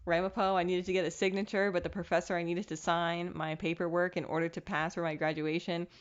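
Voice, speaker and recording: A young woman talks through a casual solo podcast, candid and self-mocking, with a lowish voice. The recording sounds dull and lo-fi. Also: quick pace, smooth. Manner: candid, self-mocking, animated with bursts of laughter. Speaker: podcast host.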